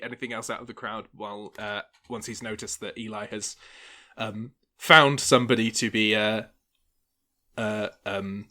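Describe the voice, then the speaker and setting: A man narrating as game master, halting with many fillers and often laughing. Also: mid-range voice, sharp tone.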